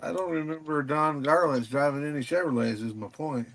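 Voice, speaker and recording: A man's voice: on the high side, brisk, a bit bright, a little hiss or hum. A man in casual chat, asking earnest questions. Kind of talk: casual chat on a live stream.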